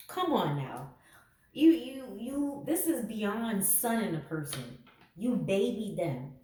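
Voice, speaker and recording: A woman's voice: medium pitch, sing-song, slow pace, a little mellow. A woman giving a casual tarot reading to camera, sarcastic and laughing often. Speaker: tarot reader. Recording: echoey room, mic at a distance.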